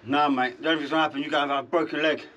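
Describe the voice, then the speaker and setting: A man's voice: fairly high pitch, steady tone, racing, fairly bright tone, slight background noise. A man with a London accent, aggressive and threatening, talking outdoors on a driveway and caught on a filming camera. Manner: aggressive, threatening, keeps saying "mate". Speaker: car owner.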